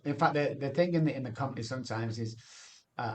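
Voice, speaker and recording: A man as a podcast guest, giving an animated testimony full of rhetorical questions. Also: medium pitch, moderate pace, slight background noise.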